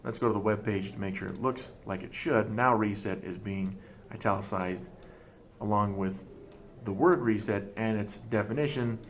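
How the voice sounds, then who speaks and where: A man teaching a coding class over a screen recording, talking through each step in a relaxed, thinking-aloud way. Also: lowish voice, moderate pace, a little hiss or hum.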